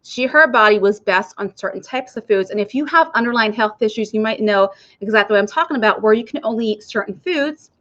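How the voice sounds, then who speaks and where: Woman, nurse health coach, casual chatty talk to viewers, higher voice, dull lo-fi sound. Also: brisk, few pauses, a bit bright. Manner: chatty, addresses viewers directly.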